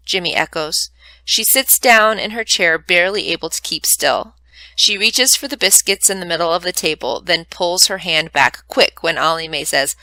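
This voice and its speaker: A woman librarian reading a novel aloud, with clear, expressive storytelling. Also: lowish voice, normal speed, no room sound, poor audio.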